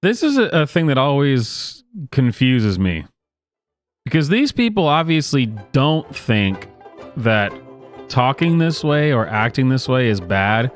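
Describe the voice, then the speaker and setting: A man's voice: medium pitch, sing-song, unhurried, soft background music. A man doing sarcastic reaction commentary, sardonic and incredulous, with chuckling asides. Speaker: online commentator.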